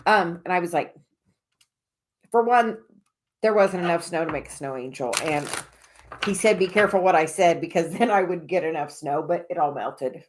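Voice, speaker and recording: A woman's voice: lowish voice, normal speed, a little hiss or hum. A woman giving oracle card readings on a casual livestream, rambling with many fillers and restarts.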